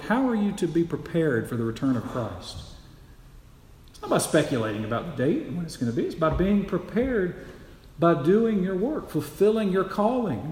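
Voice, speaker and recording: A man preaches with a fairly high voice, pressing each point and repeating key phrases as he puts rhetorical questions to the congregation. His words ring through a roomy church hall. The reverb trails long after each phrase. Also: darkish tone. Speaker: pastor. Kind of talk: sermon.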